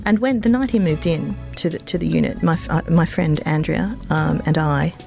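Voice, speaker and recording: A woman with an Australian accent, telling personal stories as an interview guest, in a rambling way with many pauses and fillers. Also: low-pitched, vocal fry, faint music behind. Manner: rambling, warm-hearted anecdotes with many ums. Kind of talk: casual interview storytelling.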